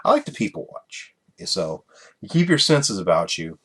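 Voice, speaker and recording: A man's voice: low voice, big pitch swings, normal speed, a bit bright, slightly rough. A man hosting a casual solo podcast, rambling and chuckling through his stories with many fillers. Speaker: podcast host.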